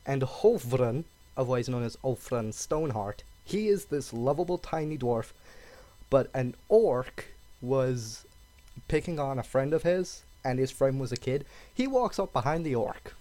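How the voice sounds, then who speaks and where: A man co-hosting a casual gaming podcast, animated and quick to laugh, slipping into character voices. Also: medium pitch. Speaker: podcast co-host.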